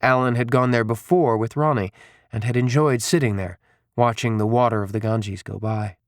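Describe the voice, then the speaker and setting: A man narrating an audiobook in a steady, even storytelling manner. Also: mid-range voice, normal speed, no echo, clean studio sound. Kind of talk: scripted narration.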